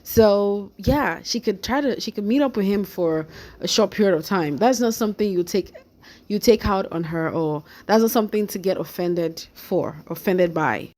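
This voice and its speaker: A woman's voice: mid-range voice, expressive, normal speed, a little mellow. A woman giving chatty, opinionated reaction commentary and talking straight to her viewers. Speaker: commentary YouTuber.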